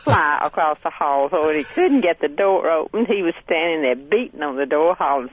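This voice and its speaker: A woman's voice: low voice, expressive, brisk. An older woman, calling in to a radio show and telling a story in a chatty way, laughing often. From Hartwell, Georgia, USA. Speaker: radio caller. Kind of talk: casual storytelling on a call-in show. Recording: tinny phone line.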